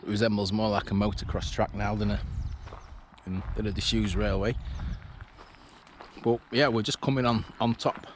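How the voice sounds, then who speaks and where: A man's voice: on the low side, fairly even intonation, normal speed. English man chatting outdoors on a walk. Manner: chatty, thinking aloud with restarts. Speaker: railway exploring vlogger. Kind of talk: casual walking commentary. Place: outdoors on an overgrown disused railway line. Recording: faint outdoor background noise.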